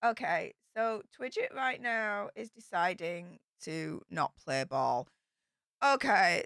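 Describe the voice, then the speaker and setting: Bubbly woman streamer, bright voice. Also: fairly low pitch, normal speed, no room sound, clean studio sound. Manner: chatty and excitable, with bursts of squealing. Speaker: YouTube streamer. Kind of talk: casual livestream storytelling.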